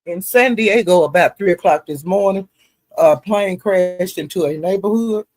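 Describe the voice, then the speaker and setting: A man's voice: high voice, normal speed. A man, recapping online drama in a rambling, folksy way full of fillers. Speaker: YouTube commentary host.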